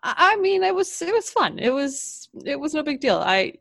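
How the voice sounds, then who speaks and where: A woman's voice: high voice, normal speed, creaky, no echo. Easygoing woman guest, dry sound. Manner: relaxed, easygoing, brief agreements. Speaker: podcast guest. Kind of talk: casual chat.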